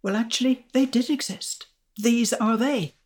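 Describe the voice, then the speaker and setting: An older woman, an astrophysicist guest, recounting her discovery in a measured, explanatory way. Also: fairly high pitch. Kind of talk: storytelling interview answers.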